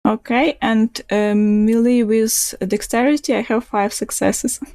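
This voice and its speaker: Woman player with a raised pitch. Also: fairly even intonation, a little slow, mellow. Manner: brief, casual replies about dice. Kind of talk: tabletop role-play.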